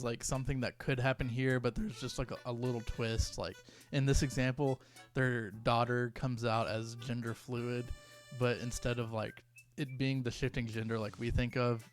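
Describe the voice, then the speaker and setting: Young male YouTuber, mid-pitched, rambling comedic commentary with stumbles, faint music underneath. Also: a little mellow. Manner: rambling, self-interrupting, reads posts aloud.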